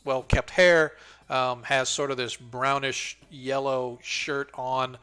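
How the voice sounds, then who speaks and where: A man running a tabletop game as game master, describing scenes in a halting way with many ums and restarts. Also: medium pitch, little pitch movement, pushed and bright, clean tone.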